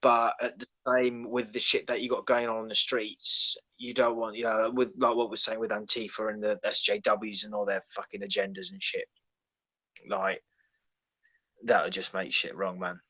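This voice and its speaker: A man's voice: lowish voice, little pitch movement, normal speed, bright, forceful tone, no room sound. A man talking casually on a livestream call, laid-back and profane. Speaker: guest. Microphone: call microphone.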